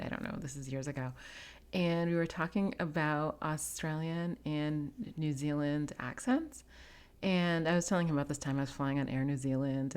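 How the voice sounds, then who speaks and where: Low-voiced chatty woman host. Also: darkish tone. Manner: chatty, laughs often, many fillers. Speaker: podcast host. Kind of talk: casual interview chat.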